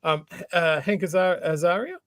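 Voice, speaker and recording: A man's voice: high voice, normal speed, dry recording. New man rambling through a story. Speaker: co-host. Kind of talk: casual chat.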